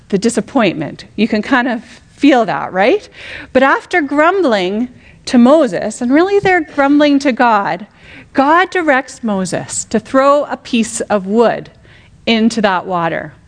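Lively, high-voiced woman teaching the Bible. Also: slow pace. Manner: animated, asks rhetorical questions, dramatizes quotes.

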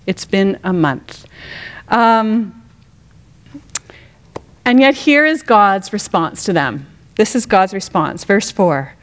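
A middle-aged woman giving a conversational Bible teaching, animated and full of rhetorical questions, sometimes acting out quotes with drama. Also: medium pitch, slow pace.

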